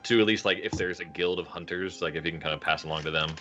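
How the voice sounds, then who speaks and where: A man's voice: low-pitched, fairly even intonation, fast talker, sharp tone, lo-fi sound. A man playing his character in a tabletop game, earnest and meandering with filler words. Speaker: player.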